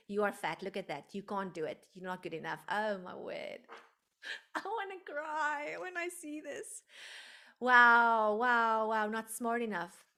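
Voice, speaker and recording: Emotional woman, fairly high voice. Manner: emotional, expressive, preacher-like. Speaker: workshop host. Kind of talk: live online workshop talk.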